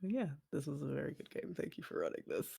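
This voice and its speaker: A woman's voice: sits low, huge pitch swings, quick pace, gravelly, mellow, slight background noise. A woman who plays in a tabletop game, bantering and joking casually after the session. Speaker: player. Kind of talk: casual post-game chat.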